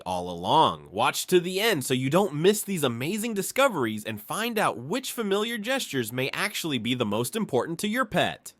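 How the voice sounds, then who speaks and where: A man narrating a scripted pet advice video, his fairly high voice rising and falling a lot as he explains things straight to the viewer. The sound is dry and close, with no room around it. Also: big pitch swings, normal speed, hardly any pauses, a bit bright, no room sound. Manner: explanatory, addresses the viewer directly.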